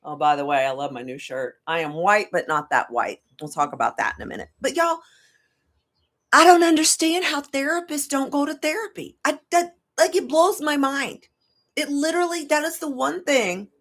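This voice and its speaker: A middle-aged woman who works as a tarot reader and life coach talks casually to camera in a high, fairly bright voice at a moderate pace. She rambles, laughs often, and swears freely.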